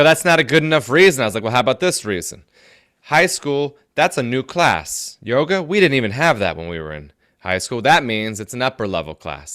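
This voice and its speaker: A man performing a stand-up set, telling self-mocking stories with quick asides. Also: fairly low pitch, fairly bright tone, clean tone, dry recording, clean studio sound. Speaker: stand-up comedian.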